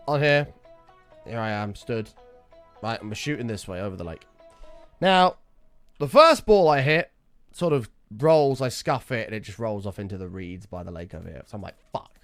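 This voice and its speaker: A man's voice: mid-range voice, a bit bright, no echo. A young man streaming, telling a rambling story and chatting casually, swearing freely. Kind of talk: casual livestream chat.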